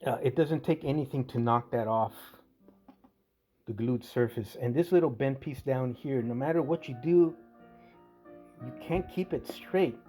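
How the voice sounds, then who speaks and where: A man's voice: medium pitch, measured pace, dark tone, soft background music. A man casually narrating a scale model tank restoration, rambling and correcting himself as he goes. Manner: rambling, self-correcting, conversational.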